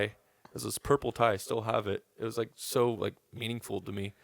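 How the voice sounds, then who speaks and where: A man's voice: mid-range voice, fairly even intonation, brisk, gravelly, a bit bright, no room sound, clean studio sound. A young man casually telling a long story on a podcast, swearing and acting out what people said. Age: young adult. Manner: laid-back, swearing, acts out quotes.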